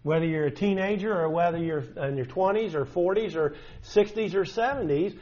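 A man's voice: sits high, brisk, a little mellow. A man preaching a sermon, earnest and emphatic, repeating points for stress. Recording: dull lo-fi recording.

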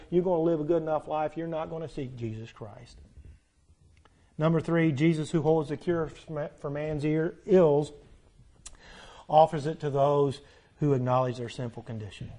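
A male pastor preaching a sermon to his congregation, with emphatic peaks and quiet pleading stretches, full of rhetorical questions and repeated phrases. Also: a little high.

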